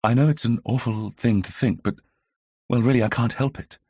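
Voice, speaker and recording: A man's voice: mid-range voice, moderate pace, darkish tone, no echo, clean studio sound, pitched above the performer's own voice, natural voice. A man reading an audiobook, voicing an anxious, frightened young woman who talks hesitantly. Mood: nervous. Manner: hesitant, breathy half-whisper. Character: nervous, anxious young woman, village heiress.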